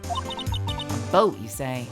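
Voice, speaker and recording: A woman's voice: a bass voice, huge pitch swings, drawn-out words, voice pushed down, exaggerated voice. A woman voicing a brash, folksy Southern woman photographer with a thick drawl, as music plays behind. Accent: American Southern.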